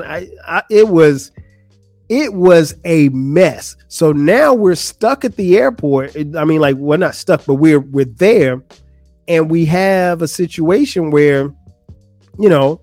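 A man hosting his own podcast, telling a story in a casual, animated, exasperated way with many restarts. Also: on the high side, no echo. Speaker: podcast host.

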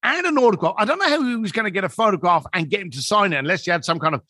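Animated storytelling man, lively pitch. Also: racing, no room sound, clean studio sound. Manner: animated, acts out other people's voices. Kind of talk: conversational storytelling.

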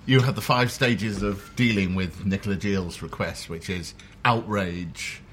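Man, deeper voice, from South London; dry storyteller at a dinner table. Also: a little slow, fairly bright tone, a little hiss or hum. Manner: wry, storytelling, self-deprecating. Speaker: interviewer. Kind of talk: casual chat over a meal. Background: clinking cutlery and dishes.

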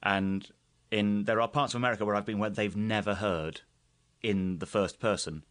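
A man's voice: fairly low pitch, steady tone, normal speed, fairly bright tone, no echo. A man from England with an English accent, a comedian telling anecdotes in a casual chat and laughing often. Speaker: guest comedian.

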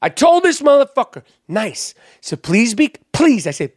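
A man's voice: very high-pitched, very animated, normal speed, no room sound, clean studio sound. A man hosting a podcast, telling stories in casual chat, heated and full of swearing. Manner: profane, heated storytelling. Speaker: podcast host.

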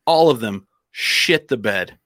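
A man's voice: mid-range voice, lively intonation, slow pace, fairly bright tone, no echo, studio quality. A man from New Mexico hosting a podcast, telling a story in a casual, rambling and profane way. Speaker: podcast host.

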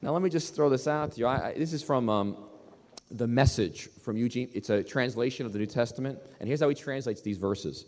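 A male pastor preaching a sermon in an emphatic, animated way, often repeating his words. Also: medium pitch, brisk, big-room sound.

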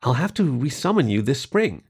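A man voicing a mischievous, eager young girl in a storybook reading, in a raised, excited voice. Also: medium pitch, normal speed, husky. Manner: excited and hopeful.

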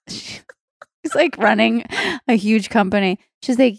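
A woman's voice: medium pitch, slow, creaky, pauses often, no room sound, clean studio sound. A woman guest musician in a casual interview, telling a story with lots of laughs and acted-out dialogue. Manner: animated, laughing, acts out dialogue.

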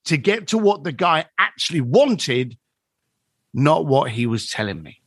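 A man's voice: fairly high pitch, unhurried, slightly rough, no echo, clean studio sound. A man in his fifties, a podcast guest telling business stories and acting out the dialogue. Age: 50s. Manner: animated storyteller acting out quoted dialogue. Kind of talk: storytelling in a podcast conversation.

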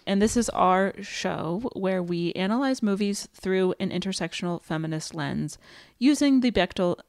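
A woman co-hosting a podcast, chatting casually and backing up her partner with quick affirmations. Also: on the low side, no echo, studio quality. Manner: supportive, frequent short affirmations. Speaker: podcast co-host.

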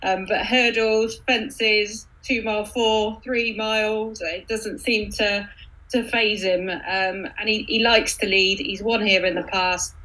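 A woman's voice: medium pitch, steady tone, takes it slowly, pushed and bright, rough recording. A woman on a racing podcast panel, fondly making the case for a horse she loves. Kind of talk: casual chat.

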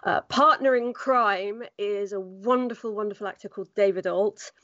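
A woman's voice: medium pitch, normal speed, a bit bright, no room sound, dull audio. A woman voice actor chatting as a podcast guest, telling stories and acting out quoted voices. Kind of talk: casual podcast chat.

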